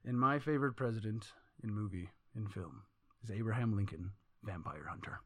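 This fairly low-pitched podcast co-host chats casually at normal speed, rambling through animated, profane stories. The studio-quality recording has no echo.

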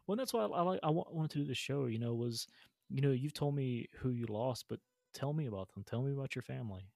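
A podcast host talks quickly in a thoughtful, supportive way. The voice sits at a medium pitch. The recording is dry and close. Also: animated, creaky, warm tone, dry recording. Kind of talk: conversational interview.

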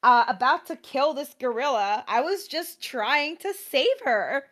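A woman's voice: sits high, animated, unhurried, fairly bright tone, pitched above the performer's own voice. A smug, scheming hunter from a video game shrugs off blame with breezy excuses, as a woman paraphrases his lines in her own everyday voice. The delivery is casual and a little raised. It sounds like an offhand retelling rather than a performance. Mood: defensive.

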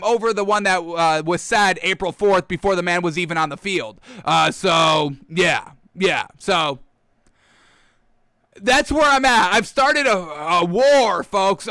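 A man hosting a football talk show, ranting in a heated, animated way and calling out to his folks, close on a studio mic. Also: high-pitched, clear, resonant tone, no echo. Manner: heated, animated, keeps addressing the audience as folks. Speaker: sports show host. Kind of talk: casual football rant. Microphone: close studio microphone.

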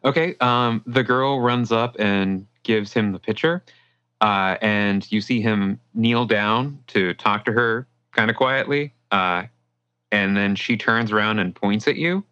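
Bright-voiced man running a tabletop game. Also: fairly low pitch, a little slow, smooth, no echo, lo-fi sound. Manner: relaxed, descriptive, with fillers. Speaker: game master.

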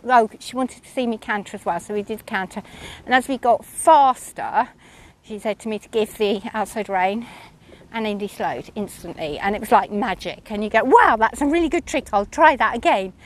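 A woman chatting casually about her lesson, rambling and self-mocking, with frequent ums. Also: mid-range voice. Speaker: horse rider reviewing her lesson. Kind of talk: casual chat.

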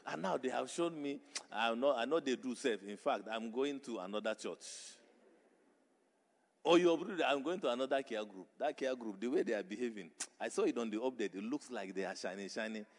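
A male pastor preaching a sermon, building emphatic repeated phrases into loud exhortation. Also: mid-range voice, expressive, a little fast. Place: church hall. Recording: reverberant church hall.

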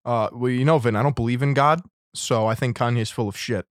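A man's voice: medium pitch, a little fast, dry recording. Blunt crude podcast guy, dry sound. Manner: blunt, crude, deadpan jokes. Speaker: podcast co-host. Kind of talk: casual podcast banter.

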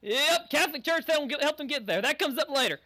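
A man in casual group chat about an anime, excitable and jokey, swearing freely. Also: very high voice, quick pace.

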